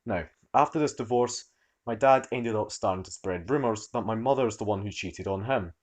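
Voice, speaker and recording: A man narrating online stories in an animated, expressive storytelling manner. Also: on the low side, fairly quick.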